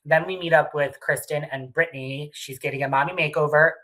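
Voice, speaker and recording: A woman's voice: sits low, steady tone, a little fast, fairly bright tone, poor audio. A woman co-hosting a casual podcast chat recapping reality TV, emphatic and swearing freely. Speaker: podcast co-host.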